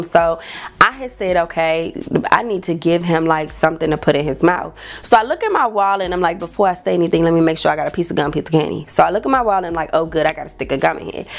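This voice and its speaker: A young woman, telling a dating story vlog and acting out quotes in a high voice. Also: vocal fry. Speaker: vlogger.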